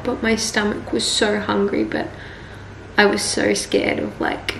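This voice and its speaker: A woman's voice: mid-range voice, gravelly, slight background noise. A young woman vlogging casually, rambling with lots of "like". She sounds tired and weak from being sick. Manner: chatty, rambling, full of "like". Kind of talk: casual vlog diary. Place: bus, then a car.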